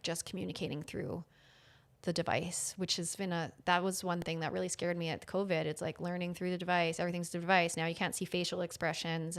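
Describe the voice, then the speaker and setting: A woman hosting a casual conversation, talking in a reflective, halting way with many fillers. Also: lowish voice. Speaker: host.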